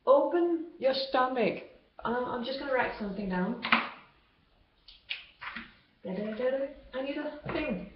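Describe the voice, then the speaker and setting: A woman's voice: on the high side, animated, measured pace, long pauses, slight background noise. A woman vlogger talking unscripted to camera about spiritual healing, rambling and loosely structured. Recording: dull lo-fi home video sound.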